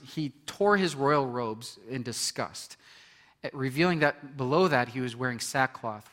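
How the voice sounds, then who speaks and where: Man, pastor, sermon, bright forceful voice, conversational, talks with the congregation. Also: mid-range voice, in a large hall. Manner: conversational, asks the congregation questions, voices quoted people.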